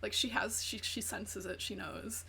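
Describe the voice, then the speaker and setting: A woman's voice: medium pitch, fairly even intonation, a little slow, gravelly, sharp tone, slight background noise. A woman streamer chatting casually while gaming, rambling through profane gossip and acting out quotes. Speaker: VTuber streamer.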